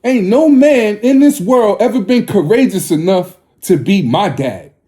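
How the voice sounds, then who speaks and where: Man, forties, ranting monologue, confrontational, preachy, mellow tone. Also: high voice, lively intonation, a little slow. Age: 40s. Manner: scolding, lecturing tone.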